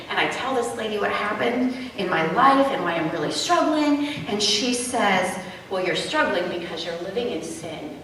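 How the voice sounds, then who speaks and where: A young woman preaches at a retreat in a chatty, animated way, telling a story from her own life. Her voice is bright and sits a little high. She is picked up from a distance in a big, echoing hall with a long reverb. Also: slight background noise. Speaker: speaker at a women's retreat. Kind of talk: storytelling sermon. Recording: echoey hall, voice from far off.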